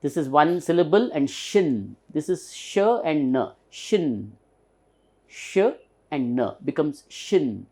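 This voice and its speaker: Indian English man, teacher; slow, lively pitch, spells out words and repeats them patiently. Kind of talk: recorded pronunciation lesson.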